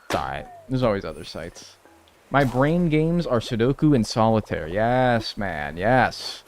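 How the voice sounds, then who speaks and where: A man's voice: on the low side, big pitch swings, a little slow, slight background noise. A young man streaming a life-sim game, rambling casually and answering chat with self-deprecating humor.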